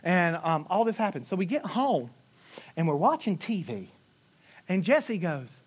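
A male pastor preaching a sermon, telling personal stories with lively delivery, acting out quotes and swinging from loud to quiet. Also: sits high, moderate pace, husky. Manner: animated storytelling, acting out quotes with big swings in loudness.

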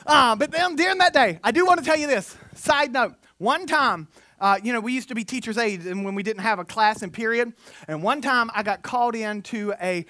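A preacher delivers an animated sermon full of humorous stories, sometimes slipping into mock voices. His mid-range voice moves a little fast, captured in clean, dry studio sound.

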